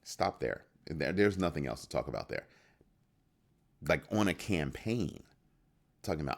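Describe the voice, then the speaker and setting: A man's voice: rumbling low, animated, normal speed, creaky, pauses often. A man hosting a crypto news show in casual solo commentary, firing rhetorical questions and restarting his phrases. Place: home studio at a computer.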